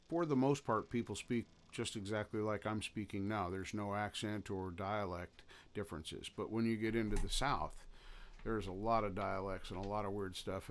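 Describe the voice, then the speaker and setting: A man chatting casually with his viewers during a late-night live stream, rambling and halting, with many fillers and restarts. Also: lowish voice. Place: his home in the lower Pacific Northwest. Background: his own guitar playing in some parts.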